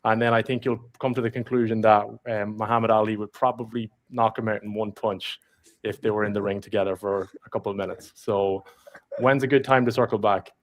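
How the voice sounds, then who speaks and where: A man's voice: on the low side, fairly even intonation, a little fast. A man making a sales cold call, friendly and pushy.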